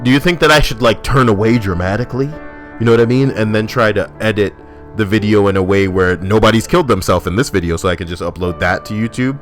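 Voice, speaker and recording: A man's voice: fairly low pitch, fast, soft background music. A young man hosting his video channel, chatting loosely with a friend, swearing and putting on mock voices as he riffs. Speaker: YouTube host. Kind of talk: casual banter.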